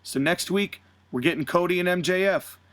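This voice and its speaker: A man's voice: high-pitched, normal speed, fairly bright tone. A man voicing a blunt veteran male wrestling manager who announces a violent match with relish.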